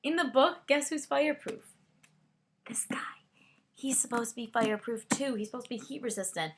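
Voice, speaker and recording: A young woman giving a casual book and movie review, rambling excitedly with lots of fillers and side comments. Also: fairly high pitch, moderate pace, a little hiss or hum.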